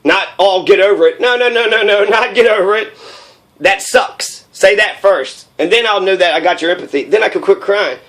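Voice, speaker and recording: A man's voice: high voice, a little fast, a bit bright. A man in his thirties in a raw, rambling personal monologue, profane and heated, with many fillers. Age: 30s.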